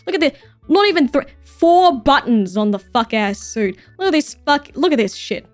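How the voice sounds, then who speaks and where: A woman's voice: high voice, very animated, normal speed, soft background music. Foul-mouthed gushing woman streamer. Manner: gushing and swearing, mock-jealous outbursts, frequent laughs. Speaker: streamer reacting to viewer submissions. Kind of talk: casual livestream chat.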